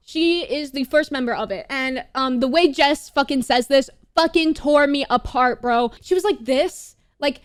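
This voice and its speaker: A woman's voice: sits high, moderate pace, few pauses, no room sound, clean studio sound. A woman giving a casual, blunt commentary on a TV show, swearing often and saying "bro" between lines. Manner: animated, jumps into loud asides. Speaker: YouTuber reviewing a TV show.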